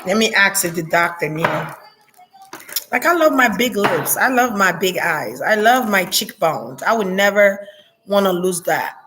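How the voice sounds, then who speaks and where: A woman vlogging in a casual, blunt and profane monologue, talking straight to her viewers, laughing often, with lively jumps in pitch. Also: unhurried, noisy background.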